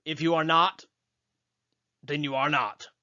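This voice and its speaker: A man explaining an electrical code question in a playfully put-on accent, in measured, spelled-out steps. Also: fairly high pitch, steady tone, pushed and bright. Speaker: electrical exam coach. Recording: dull lo-fi old video.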